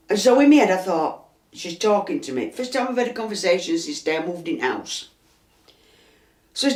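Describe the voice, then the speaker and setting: Speaking with a lowish, animated voice at normal speed, this older Yorkshire woman, a resident interviewee, performs the dialogue of a story she tells at home. A chesty cough breaks through now and then, and the room echoes around her.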